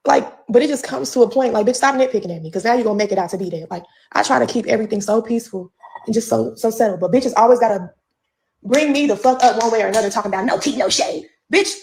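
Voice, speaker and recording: A woman's voice: mid-range voice, darkish tone. A pregnant woman ranting on a livestream from home, profane and confrontational with a drawling delivery.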